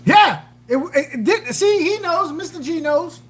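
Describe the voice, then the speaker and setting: A woman's voice: very high-pitched, measured pace, a little hiss or hum, low-quality recording. A woman hosting a casual livestream chat, rambling, joking and answering viewer comments with lots of fillers. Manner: animated, jokey, trails off with fillers. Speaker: aquarium channel livestream host.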